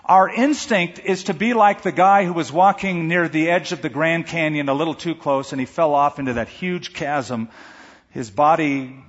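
A man preaching a sermon, animated and slowing down to stress key words. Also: fairly high pitch. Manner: animated, slows down for emphasis. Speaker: pastor. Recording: echoey hall, dull sound.

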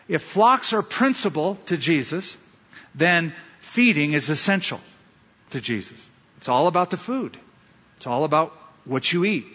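A man's voice: fairly high pitch, sharp tone. A man preaching a sermon as a pastor, with emphatic, storytelling delivery and repeated lines. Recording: dull sound in a large reverberant hall.

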